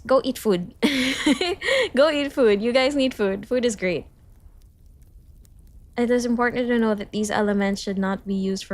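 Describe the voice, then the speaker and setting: A young Filipino woman streams herself studying, reading lesson notes aloud and then breaking off to greet chat in a high, cheerful, giggly and self-conscious way.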